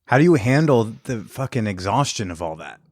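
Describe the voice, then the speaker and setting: A man hosting a podcast interview in casual chat, halting and supportive, often restarting his sentences. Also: on the low side, big pitch swings. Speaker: podcast host.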